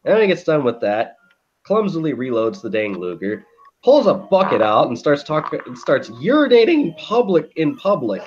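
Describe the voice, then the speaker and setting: Profane, animated man telling a story. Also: a little high, normal speed, muffled recording, a little hiss or hum. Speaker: podcast co-host. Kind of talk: casual chat.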